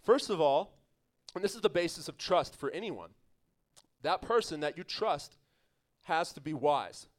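A man's voice: fairly high pitch, very animated, a little slow, pauses often. A man, a pastor, preaching an evening church sermon in an emphatic, conversational way, with laughs and asides to the congregation.

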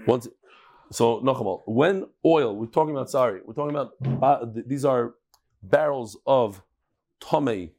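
A hoarse man with a cold leads a relaxed daily Talmud class, his voice sitting at an ordinary middle pitch. He talks in a chatty, easygoing way and tosses quick asides to the people around him. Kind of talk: casual Talmud lesson.

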